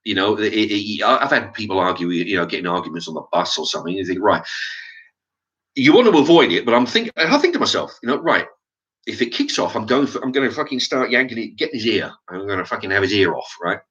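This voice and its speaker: A man's voice: lowish voice, expressive, fast talker, a bit bright, muffled recording. A man telling a story in a casual vlog monologue, swearing freely and often restarting his sentences, checking in with "right?". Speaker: vlogger.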